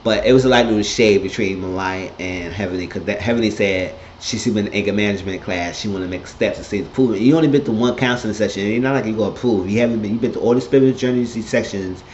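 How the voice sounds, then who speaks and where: Low-voiced man giving a blunt recap. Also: fast, hardly any pauses, slight background noise. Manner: animated, blunt, profane storytelling. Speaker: TV episode reviewer. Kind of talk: casual recap monologue. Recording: echoey, dull lo-fi room sound.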